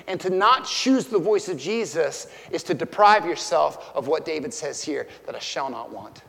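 A man's voice: on the high side, lively intonation, moderate pace, vocal fry, a bit bright, long reverb tail. A middle-aged man preaching a sermon as pastor. His delivery is conversational, with stories and direct questions to the listeners.

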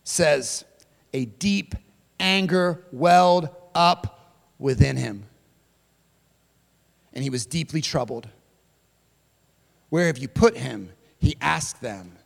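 High-voiced preacher in a big echoing hall. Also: male voice, takes it slowly, gravelly, pauses often. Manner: swings between loud emphatic preaching and soft hushed passages; speaks straight to listeners as "friend" and "y'all". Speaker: pastor. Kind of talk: sermon.

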